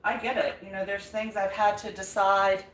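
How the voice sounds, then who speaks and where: A woman's voice: medium pitch, level tone, moderate pace, far from the mic. An older woman hosting a live vlog, chatting and encouraging viewers as she cooks in her home kitchen. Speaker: vlog host. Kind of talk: live chat while cooking. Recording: echoey room, away from mic.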